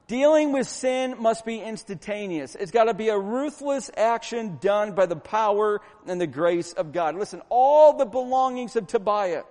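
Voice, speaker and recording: A man's voice: sits high, lively intonation, moderate pace, darkish tone. A middle-aged man preaching a fervent, emphatic sermon as pastor, hammering points home with repetition. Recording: long reverb from a large room.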